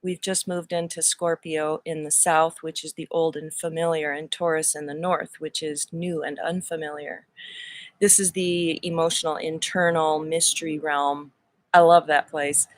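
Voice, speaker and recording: A woman's voice: deep voice, little pitch movement. Woman in her fifties with a playful put-on Irish accent. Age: 50s. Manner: playful, musing, drawn-out phrasing. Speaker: host. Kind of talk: casual spiritual livestream talk. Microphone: camera mic.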